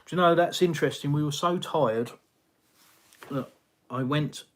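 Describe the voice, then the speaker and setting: A man's voice: on the high side, normal speed. A middle-aged man from England hosting a casual live chat, reading viewer comments in a rambling way, with many fillers and sighs. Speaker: live stream host. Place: home, in Russia.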